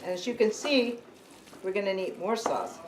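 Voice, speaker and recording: A middle-aged woman giving a casual cooking demonstration at home, chatty and often pausing to say okay and correct herself. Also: medium pitch. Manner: chatty, keeps saying okay, corrects herself mid-sentence. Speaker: home cook teaching a family recipe. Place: home kitchen. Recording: echoey room, distant mic, faint hiss.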